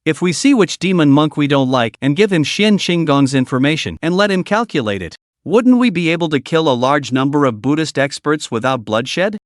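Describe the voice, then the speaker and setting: A man's voice: fairly high pitch, expressive, moderate pace, hardly any pauses, dry recording, clean studio sound, lightly acted. A man voicing a stunned cultivator in a narrated story, speaking with awe and a stammer. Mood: awed. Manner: stammering, awed.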